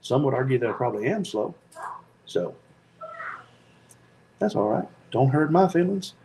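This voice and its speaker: A man with a Tennessee accent hosting a casual livestream, talking slowly with lots of ums in an easygoing, joking way. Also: medium pitch, sing-song, mellow, slight background noise, rough recording. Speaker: FPV drone channel host.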